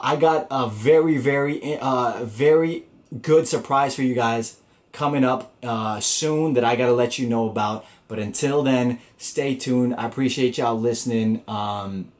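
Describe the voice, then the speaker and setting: A man's voice: medium pitch, fairly even intonation, unhurried. Laid-back man telling a rambling story. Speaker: podcast host. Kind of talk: casual storytelling chat.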